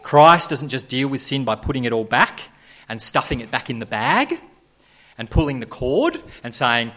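Dramatic bright-voiced preacher. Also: male voice, mid-range voice, very animated, normal speed. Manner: dramatic, builds to loud emphatic peaks then drops soft. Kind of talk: sermon.

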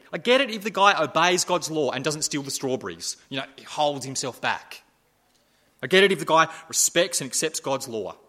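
A man preaching a sermon, asking repeated rhetorical questions and swinging between loud emphasis and hushed asides. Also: fairly high pitch.

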